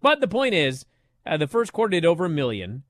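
A man co-hosting a sports talk radio show, excitably arguing his point and mimicking people as he tells the story. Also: on the high side, fairly quick, no room sound, clean studio sound.

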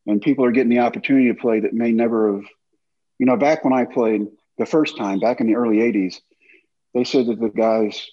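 A man in his fifties, a former baseball pitcher and guest, telling animated stories over a video call and acting out quotes. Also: lo-fi sound. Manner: animated anecdotes with acted-out quotes. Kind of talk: storytelling in casual chat.

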